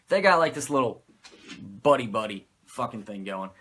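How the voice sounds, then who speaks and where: A man who reviews wrestling shows in a loose, rambling way, swearing freely and mocking himself. His pitch swings widely and his voice has a bright edge. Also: very animated, normal speed. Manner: rambling, profane, self-mocking. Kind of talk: casual commentary.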